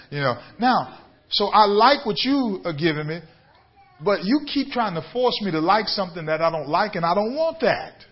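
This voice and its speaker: A man's voice: high-pitched, expressive, fairly quick, muffled recording. A man, a bishop preaching a radio sermon, building up to emphatic repeated questions to his listeners. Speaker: bishop and pastor.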